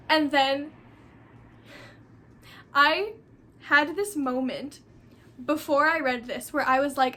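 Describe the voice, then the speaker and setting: A woman with a high, sharp-edged voice chats about a book straight off the cuff. She gushes and rambles, circling back to repeat her favorite phrases. It comes across as unscripted, excited fan talk. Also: normal speed, long pauses, a little hiss or hum. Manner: gushing, effusive, repeats herself for emphasis. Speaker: book vlogger.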